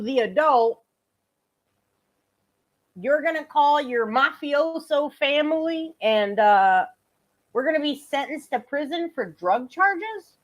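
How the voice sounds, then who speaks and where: A woman streamer mocks a clip in a high, lively voice. She talks slowly and sarcastically, giggling and swearing as she goes. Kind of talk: casual livestream commentary.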